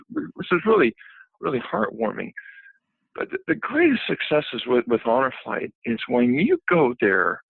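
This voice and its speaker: A man from Ohio, a guest telling a personal story, animated and emotional, with many restarts. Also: medium pitch, creaky, no room sound. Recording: dry, phone-like line.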